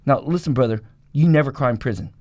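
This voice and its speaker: A man's voice: mid-range voice, darkish tone, no echo. A man, a former gang member, giving a blunt and profane personal testimony in a conversation. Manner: blunt, profane, rapid storytelling.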